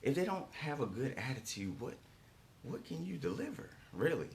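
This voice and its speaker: A man's voice: medium pitch, big pitch swings, moderate pace, gravelly, darkish tone, a little hiss or hum. A man giving a motivational coaching talk, emphatic and repetitive, often checking in with rhetorical questions. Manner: emphatic, repeats key lines, rhetorical "right?" checks.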